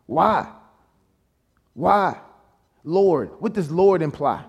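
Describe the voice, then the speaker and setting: A male guest preacher with a voice pitched high for a man. He preaches emphatically and fires rhetorical questions at the room. He keeps calling on the congregation to answer back. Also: animated, drawn-out words, gravelly, husky, highs cut off. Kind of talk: sermon.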